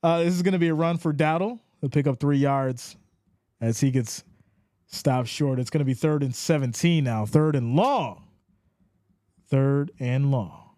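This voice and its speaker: A man hosting a live stream, calling the plays and reading viewer chat in an animated voice. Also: a little slow, dry recording, clean studio sound. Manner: animated, rises in pitch when excited. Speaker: live stream play-by-play host. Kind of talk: play-by-play commentary with chat reading.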